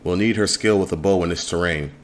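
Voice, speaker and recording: A man's voice: deep voice, fairly quick, a little hiss or hum, lightly acted. A man reading as a stern guild leader. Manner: firm, commanding.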